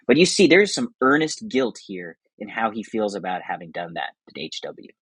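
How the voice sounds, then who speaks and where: Young man, casual film commentary, enthusiastic, husky voice, dry room. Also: on the low side, very animated, fairly bright tone, no echo, poor audio. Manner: enthusiastic, quick, laughs often. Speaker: podcast host.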